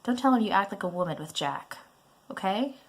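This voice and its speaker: A woman's voice: mid-range voice, lively intonation, brisk. A woman reading a prying, controlling mother. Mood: reproachful. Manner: nagging, guilt-tripping.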